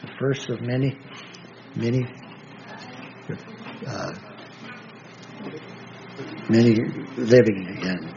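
Male preacher, gravelly voice, halting delivery, dull lo-fi recording with faint hiss. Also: mid-range voice. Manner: slow, halting, with many restarts and fillers; reads scripture aloud in a slow, measured voice. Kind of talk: Bible study sermon.

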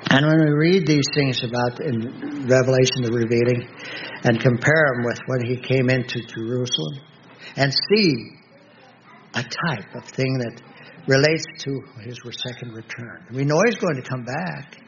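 Male preacher, gravelly voice, halting delivery, dull lo-fi recording with faint hiss. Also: medium pitch. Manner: slow, halting, with many restarts and fillers; reads scripture aloud in a slow, measured voice. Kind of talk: Bible study sermon.

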